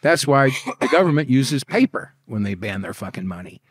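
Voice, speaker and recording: A man in his sixties, a podcast guest telling wild stories in a rambling, profane, animated way. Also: medium pitch, moderate pace, husky, no room sound, studio quality. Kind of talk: casual storytelling interview.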